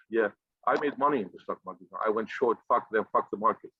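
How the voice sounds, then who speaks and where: A man with a husky, slightly breathy voice delivers a fiery, profane motivational rant, blunt and combative. The recording is dry and close, with a dull, somewhat lo-fi sound. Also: fairly low pitch, quick pace, no room sound. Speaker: finance group leader. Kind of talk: impassioned motivational monologue.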